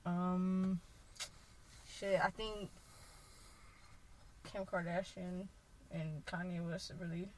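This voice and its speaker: A young woman co-hosting a podcast, chatting casually and animatedly, swearing freely and acting out quotes in a loud voice. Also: on the low side, little pitch movement, slow, long pauses, slight background noise, rough recording. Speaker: podcast co-host. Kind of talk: casual chat.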